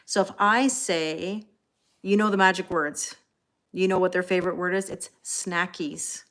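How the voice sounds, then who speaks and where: A woman's voice: lowish voice, unhurried, fairly bright tone. A woman hosting a livestream, chatting casually with viewers and thanking them by name. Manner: talks to her cats between comments. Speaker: tarot reader hosting a livestream. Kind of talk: casual chat with live viewers.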